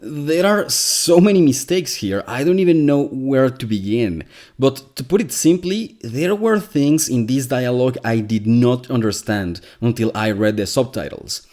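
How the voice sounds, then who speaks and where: A man's voice: mid-range voice, expressive, a little slow, a little mellow. A man whose first language is Spanish, hosting a scripted commentary with a wry, exasperated manner. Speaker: commentary video host.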